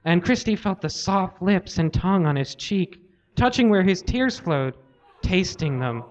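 Casting: male comedy host, deadpan live reader, high voice, lo-fi audio. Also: unhurried. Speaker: comedy podcast host reading aloud. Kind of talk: live reading of fan fiction. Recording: lo-fi live recording.

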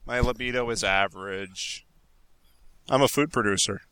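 A man co-hosting a comedy podcast, reading entries aloud in a deadpan way and sometimes stumbling over words. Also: on the low side, normal speed, crowd noise, poor audio.

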